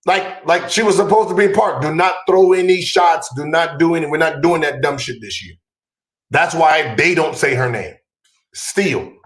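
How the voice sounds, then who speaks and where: Male podcast host, swearing, loud and exasperated, echoey room. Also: a little high. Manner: exasperated, loud comic outbursts. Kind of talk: profane casual storytelling.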